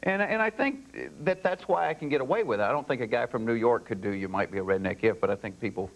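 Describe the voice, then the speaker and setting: A man's voice: medium pitch, quick pace, dull audio. A man from Atlanta with a Southern Georgia accent, a comedian chatting as a late-night guest in a folksy, joking way. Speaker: comedian, talk show guest. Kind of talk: late-night interview chat. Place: TV studio.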